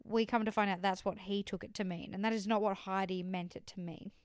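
A woman's voice: mid-range voice, fairly even intonation, brisk, no room sound, clean studio sound. A woman co-hosting a podcast, carefully explaining and correcting details of a TV show. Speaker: podcast co-host. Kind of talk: casual chat recapping a TV show.

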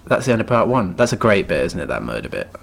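A man's voice: fairly low pitch, wildly swooping pitch, quick pace, vocal fry, background noise. A man co-hosting a casual book podcast, playfully retelling the plot and acting out the characters' voices. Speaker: podcast co-host.

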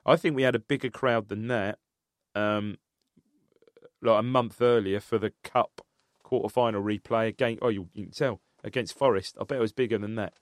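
Man, relaxed football banter, quick reactions, dry sound. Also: lowish voice, no echo. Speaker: podcast co-host. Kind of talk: casual football chat.

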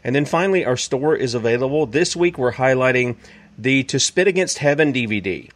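A man with a Southern US accent and a medium-pitched voice hosts a talk show, speaking briskly and with animation. His folksy, conversational commentary is casual and radio-like, full of fillers, and he plugs a product.

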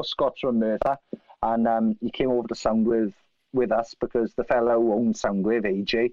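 A man from South Wales with a Welsh accent, telling animated, profane anecdotes and acting out other people's lines. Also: mid-range voice, normal speed, no room sound. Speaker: guest musician. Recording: dry, slightly dull lo-fi sound.

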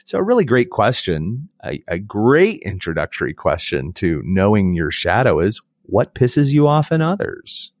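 A man's voice: on the low side, normal speed, few pauses, no room sound, clean studio sound. A man from the United States, a podcast guest, talking in a reflective, storytelling way and acting out quoted voices. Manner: animated, acts out quoted voices.

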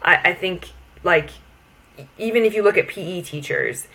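Lower-voiced American woman, enthusiastic. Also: moderate pace, fairly bright tone. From United States. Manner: enthusiastic, explanatory. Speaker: guest, American football player. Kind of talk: casual interview chat.

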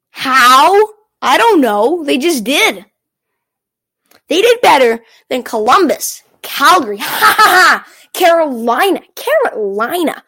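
Very high-voiced, excitable woman fan. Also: rough recording. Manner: excitable, teasing, exclaims often. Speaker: hockey fan recapping a game. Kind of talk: playful sports recap monologue.

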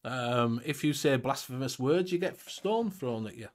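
A man's voice: medium pitch, expressive, moderate pace. A man with a Northern English accent hosting a casual livestream chat, swearing freely and chuckling as he talks. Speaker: host.

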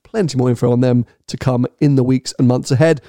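A man's voice: medium pitch, steady tone, fairly quick, warm tone, dry recording, clean studio sound. A man hosting a casual car podcast, teasing his co-host and announcing live dates. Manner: teasing, upbeat.

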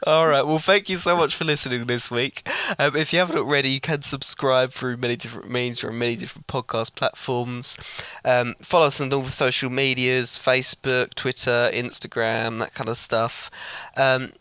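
Brief: young male podcast host, bright voice, teasing and giggly, dull dry recording. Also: mid-range voice, steady tone, normal speed, clear, resonant tone, no room sound. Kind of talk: casual comedy podcast chat.

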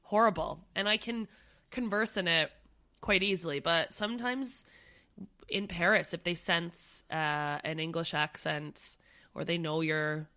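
A woman from Canada co-hosting a podcast, talking in a chatty, animated way with lots of "like" and "um". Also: on the low side, a little slow. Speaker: podcast co-host. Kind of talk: casual chat.

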